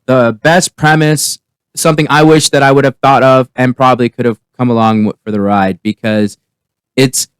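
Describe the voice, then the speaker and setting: Smooth-voiced man rambling casually. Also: medium pitch, no echo. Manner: rambling, with many restarts and fillers. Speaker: TV comedy reviewer. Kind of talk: casual spoken review.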